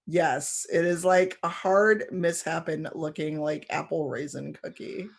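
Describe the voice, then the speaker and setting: Unhurried tabletop game master. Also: medium pitch, gravelly. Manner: animated storytelling, playful asides.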